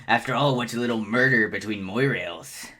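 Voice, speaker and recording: A man's voice: mid-range voice, normal speed, sharp tone, lightly acted. A man voicing a male troll clown preacher who drawls and swears through a rambling sermon, in a fan read-aloud of a web comic. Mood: gleeful.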